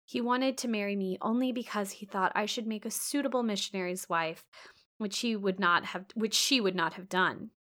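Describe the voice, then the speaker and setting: A woman's voice: mid-range voice, moderate pace, a bit bright, natural voice. A woman reading the part of an earnest, devoted young woman, speaking emphatically in a storybook reading.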